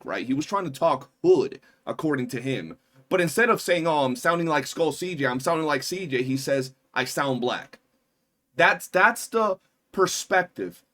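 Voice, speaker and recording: A man's voice: on the high side, fairly bright tone. Indignant young man ranting. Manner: indignant, emphatic, swears freely. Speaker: commentary streamer. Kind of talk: heated commentary rant.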